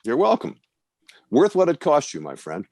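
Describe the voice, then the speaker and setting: This older man's voice is on the high side, at a moderate pace in a dry recording. A broadcast coach and guest speaker, he delivers confident, wry advice and lively stories in an online Q&A held over a video call.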